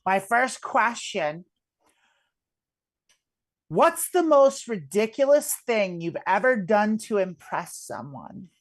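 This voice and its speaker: A woman's voice: mid-range voice, big pitch swings, slow pace, pauses often. A woman co-hosting a comedy livestream, bantering playfully and crudely. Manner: playful, crude, laughs easily. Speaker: co-host, contestant asker.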